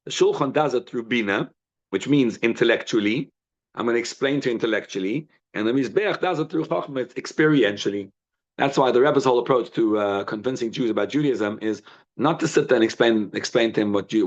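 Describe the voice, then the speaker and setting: A man teaching a live Torah class in an animated, conversational way, full of rhetorical questions, quick restarts and Hebrew and Yiddish terms. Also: fairly low pitch, muffled recording. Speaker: rabbi teaching a daily class. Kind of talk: informal Torah lesson, storytelling.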